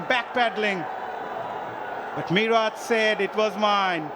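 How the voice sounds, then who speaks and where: Excitable guy calling cricket, high voice, lots of crowd noise. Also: normal speed. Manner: excitable, rising to shouts on big hits. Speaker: cricket commentator. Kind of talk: live sports commentary. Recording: loud stadium crowd and ambient noise behind. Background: cheering stadium crowd.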